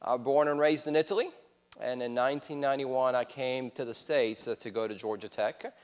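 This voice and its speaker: A man's voice: mid-range voice, fairly even intonation, a little fast. French-accented man preaching in a reverberant church. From France. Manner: friendly, self-deprecating, hesitant with frequent "uh". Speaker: guest preacher. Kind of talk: sermon. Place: church sanctuary.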